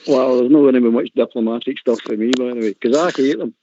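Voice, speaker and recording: A man's voice: medium pitch, fast talker, mellow, a little hiss or hum. An older man with a Scottish accent, a panelist on a call-in show, talking bluntly and heatedly, hammering his points home. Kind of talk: heated casual chat. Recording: tinny phone-like line.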